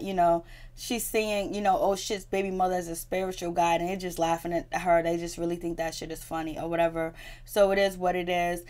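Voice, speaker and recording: Woman, casual TV recap, chatty, slangy, laughing asides, mid pitch. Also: a little mellow. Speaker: TV recap vlogger.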